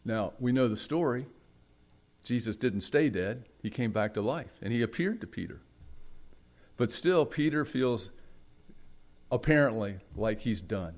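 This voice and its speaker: A man preaching a sermon, telling a story with dramatic swings from loud, raised passages to hushed ones and acting out the voices in it. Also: mid-range voice, lively intonation, unhurried, pauses often. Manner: acts out the quoted voices in the story. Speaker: pastor.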